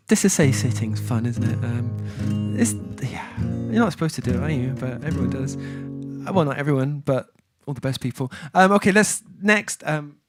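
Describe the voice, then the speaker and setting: A man hosting a music livestream, chatting casually and reading viewer comments. He rambles, breaks off and restarts as he tells a story. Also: medium pitch. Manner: rambling, self-interrupting storyteller.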